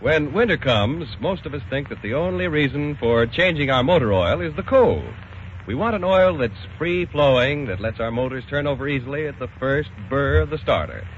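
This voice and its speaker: A man's voice: mid-range voice, lively intonation, moderate pace, slight background noise. A man reading a scripted commercial in a folksy, persuasive way. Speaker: announcer. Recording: muffled old radio broadcast.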